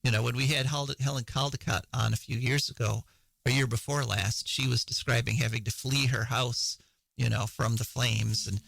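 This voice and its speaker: A man's voice: mid-range voice, steady tone, normal speed, creaky, fairly bright tone, no room sound, rough recording. A man hosting a radio show, chatting casually through the news with frequent fillers and laughs.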